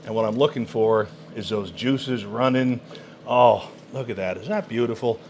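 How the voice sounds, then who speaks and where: A man's voice: medium pitch, moderate pace, darkish tone, a little hiss or hum. A man presenting a countertop cooker in a product demo, exclaiming with enthusiasm over the food. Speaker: product demonstrator.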